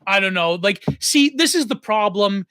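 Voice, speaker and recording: A man hosting his own show in a loose, rambling monologue. His voice is high and bright, and the sound is dry and close with no room echo. He talks in an opinionated way, with many restarts. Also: lively intonation, normal speed, clean tone. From Canada. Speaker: host. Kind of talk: casual monologue.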